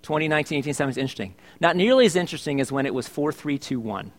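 A man's voice: fairly high pitch, expressive, very fast. A middle-aged male pastor preaching a sermon in church, chatty and joking, asking his congregation questions. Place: church service.

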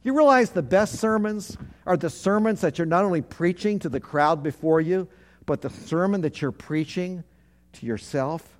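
A man's voice: high voice, normal speed. A man, a pastor, preaching a sermon, leading his congregation to repeat phrases back, with earnest, repetitive emphasis.

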